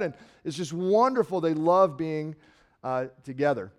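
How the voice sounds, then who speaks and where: A middle-aged man from Nebraska preaching a sermon in a conversational way, swinging from loud emphasis to quiet trailing words. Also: a little high, expressive, brisk. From Nebraska, USA. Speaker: pastor.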